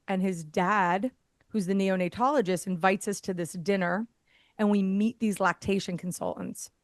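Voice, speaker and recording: Recorded dry, this lowish female voice belongs to an airway therapist guesting on a podcast. She relaxes into a lively story, laughs a lot, and performs the quoted lines of others.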